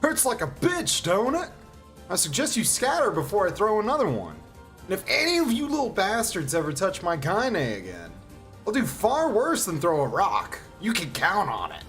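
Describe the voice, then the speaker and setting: A man voicing a small, fierce, foul-mouthed old grandmother with a rough drawl. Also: mid-range voice, animated, measured pace, fairly bright tone, faint music behind. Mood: menacing.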